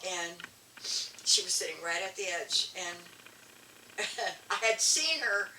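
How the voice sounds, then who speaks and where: An older woman, a guest elder and artist, telling animated stories in an interview with frequent restarts. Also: mid-range voice, takes it slowly, a little hiss or hum. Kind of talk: storytelling interview. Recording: echoey room, distant mic, faint ambience.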